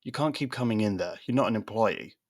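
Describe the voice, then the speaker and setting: A man's voice: fairly low pitch, fairly quick, a little mellow, no room sound, studio quality, close to an everyday voice. A man voicing an irritated young shop boss who scolds like a disappointed parent. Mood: annoyed.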